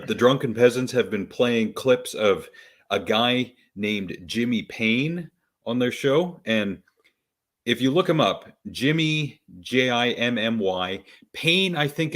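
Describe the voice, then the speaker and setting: A man's voice: medium pitch, animated, a little slow, fairly bright tone. A Canadian man co-hosting a podcast, telling stories in a wry, matter-of-fact way. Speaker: podcast co-host. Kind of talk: casual chat.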